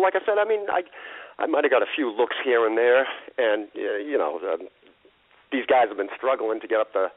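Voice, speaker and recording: A man telling stories as an interview guest, lively and laughing often, acting out the people he quotes. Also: medium pitch, dry recording. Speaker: guest, wrestling impersonator. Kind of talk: animated storytelling interview. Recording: tinny phone-quality line.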